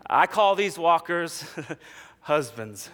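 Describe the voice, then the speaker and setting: A man's voice: on the high side, expressive, slow, a bit bright, long reverb tail, a little hiss or hum. A man preaching a sermon, telling humorous stories and acting out the people in them before moving into scripture. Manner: humorous storytelling, acts out quoted characters. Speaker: pastor.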